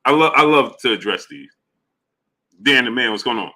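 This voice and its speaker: A man's voice: medium pitch, animated, normal speed. A man hosting a live boxing talk stream. He greets viewers one by one in a loose, casual, slangy way. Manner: loose, repetitive shout-outs in a friendly drawl, slips into slang.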